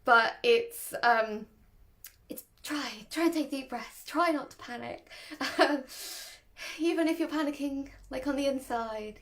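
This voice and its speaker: A young woman explains handling a nervous dog in an easygoing, talkative way. Her voice sits high and bright in pitch, and she laughs easily between points. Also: normal speed. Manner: chatty, laughs often, demonstrates voices. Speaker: dog trainer. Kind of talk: casual explanatory talk to camera.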